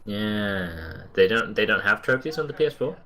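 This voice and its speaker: Deep, bright-toned young man, wry. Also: expressive, moderate pace. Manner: wry, teasing, hesitant with fillers. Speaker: co-host. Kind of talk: casual let's play chat.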